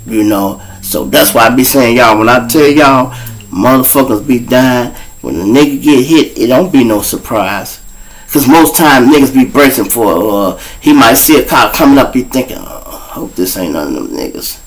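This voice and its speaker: A man around fifty with a Chicago accent, hosting his own show and telling a raw street story to his listeners, profane and blunt, breaking into loud acted-out voices. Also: mid-range voice, moderate pace, a little hiss or hum, rough recording. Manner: profane, blunt, addresses listeners directly, acts out voices loudly. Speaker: show host.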